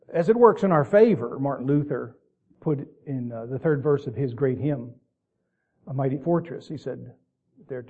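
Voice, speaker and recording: A man giving a slow, folksy sermon with deliberate, emphatic repetition. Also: medium pitch, lively intonation, vocal fry, husky. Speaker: preacher. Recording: tinny, phone-like lo-fi recording.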